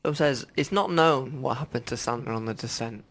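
Giggly bright-voiced male radio host. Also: medium pitch, brisk, vocal fry. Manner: rambling, laughing, acts out quotes in silly voices. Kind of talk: casual comedic news chat.

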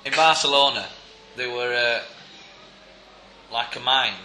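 A man co-hosting a podcast in casual chat, laughing often and telling stories with shouted impressions. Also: medium pitch, a little slow, echoey room, a little hiss or hum. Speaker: podcast co-host.

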